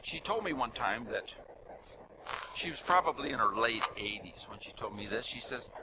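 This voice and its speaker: An older man preaching a sermon, telling stories in an animated way that swings between loud emphasis and soft asides. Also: mid-range voice, normal speed, background noise.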